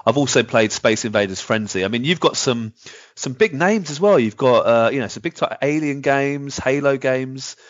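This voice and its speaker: A man's voice: medium pitch, animated, normal speed, no room sound, dull audio. A man hosting a podcast, asking questions in an enthusiastic, chatty way. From England. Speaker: podcast host. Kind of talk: casual interview questions.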